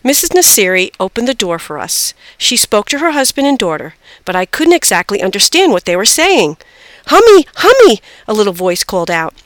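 Lively woman reading a children's storybook. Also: brisk, few pauses, dry recording. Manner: expressive, lively pitch. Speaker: storybook reader.

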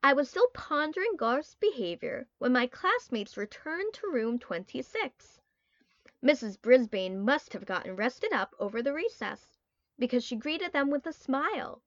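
A woman narrating a children's book in an expressive storytelling style. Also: high voice, measured pace, dry recording, lo-fi sound. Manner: expressive storytelling with quoted character lines. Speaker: audiobook narrator. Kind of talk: scripted narration.

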